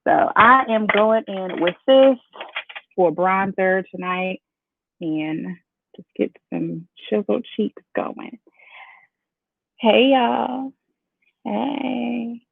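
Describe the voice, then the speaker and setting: A woman's voice: mid-range voice, extremely slow, creaky, long pauses, breathy edge, dry recording. A woman from Chicago, chatting casually with her viewers as she walks through a live makeup tutorial. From Chicago, United States. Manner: chatty, talks straight to viewers as "y'all". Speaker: beauty vlogger. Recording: tinny phone-like sound, dry.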